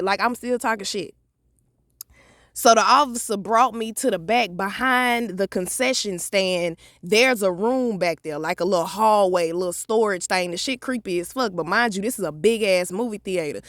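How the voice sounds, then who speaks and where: A woman, telling a profane, animated story in a vlog. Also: mid-range voice, normal speed, dry recording, clean studio sound. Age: 30s. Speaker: vlogger.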